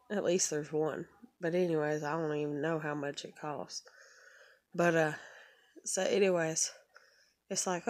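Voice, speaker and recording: Swearing woman ranting, lowish voice. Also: darkish tone. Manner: profane, exasperated, quotes people in raised voices. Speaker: vlogger. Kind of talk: casual storytelling rant.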